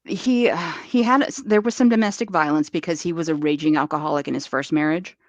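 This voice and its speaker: Woman co-host, wry and blunt, mid pitch, slightly muffled dry recording. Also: brisk, no echo. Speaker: podcast co-host. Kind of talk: casual chat.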